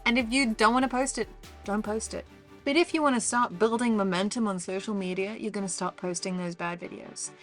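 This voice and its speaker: A woman's voice: mid-range voice, fairly even intonation, a little fast, faint music behind. A woman with a South African accent, coaching viewers on camera in an upbeat, encouraging, playful way. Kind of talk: casual direct-to-camera advice.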